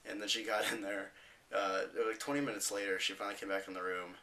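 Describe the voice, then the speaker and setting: A teenage boy vlogging, casually telling a story with rambling fillers and animated retellings. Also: on the low side, quick pace, recorded from a distance, low-quality recording.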